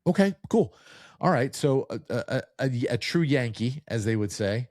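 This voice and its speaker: A New Jersey man hosts a podcast, chatting casually in an interview style and telling jokey stories. His mid-range voice has lively intonation and a darkish tone at a moderate pace, with no room sound.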